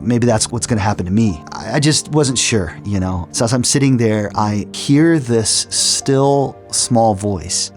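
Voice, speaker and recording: Earnest middle-aged man, low voice. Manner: earnest storytelling with restarts. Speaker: testimony speaker. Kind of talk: personal testimony. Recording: soft music underneath.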